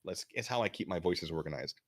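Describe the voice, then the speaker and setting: A man streaming as he reads a mystery story aloud, with lively, chatty, self-mocking asides. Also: deep voice, a little fast, husky. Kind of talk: livestream read-aloud, casual asides.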